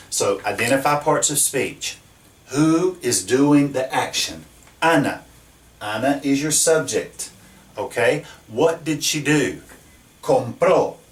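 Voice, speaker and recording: A man teaching a grammar lesson at a whiteboard, explaining patiently and asking his students questions. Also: medium pitch. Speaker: Spanish teacher. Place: classroom. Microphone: camera across the room. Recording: echoey room from a distance.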